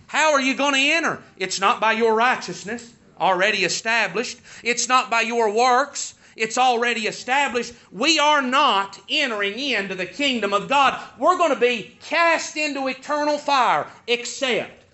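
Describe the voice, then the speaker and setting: A man's voice: very high-pitched, normal speed, hardly any pauses, sharp tone, lo-fi sound. A man preaching a sermon, stressing points by repeating words.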